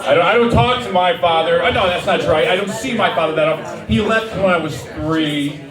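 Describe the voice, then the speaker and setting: A middle-aged man doing a stand-up set in a small dive bar, talking in a rambling, self-deprecating way with halting restarts. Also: high-pitched, recorded from a distance. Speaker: stand-up comedian. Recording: roomy bar sound from off-mic with audience. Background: crowd laughter.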